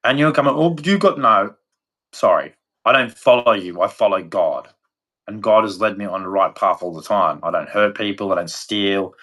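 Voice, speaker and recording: A man's voice: on the low side, moderate pace, bright, forceful tone. Blunt Australian man ranting. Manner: blunt, rambling, swears freely. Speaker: vlogger. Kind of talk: casual opinion rant to camera.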